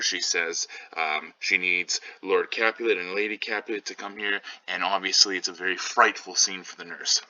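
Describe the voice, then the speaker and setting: A man's voice: sits low, fairly even intonation, moderate pace, hardly any pauses, sharp tone, muffled recording. A male teacher reading a play aloud and explaining it casually in modern slang.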